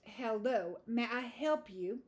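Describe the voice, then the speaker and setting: A harried woman answering the phone, sharp and curt, as the narrator plays her. She speaks slowly and clipped in an audiobook reading. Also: high-pitched, lightly acted.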